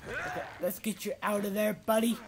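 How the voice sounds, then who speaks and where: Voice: mid-range voice, lively intonation, fairly quick, creaky, heavy background noise. A let's play gamer giving goofy, casual commentary, humming tunelessly and talking to the game characters. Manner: goofy, hums tunelessly to themself.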